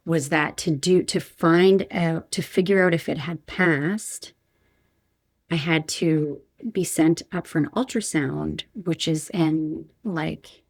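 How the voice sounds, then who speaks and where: A woman's voice: sits low, gravelly, dry recording, clean studio sound. A woman in her thirties, a podcast guest, telling a painful personal story candidly, frank and emotional with many restarts.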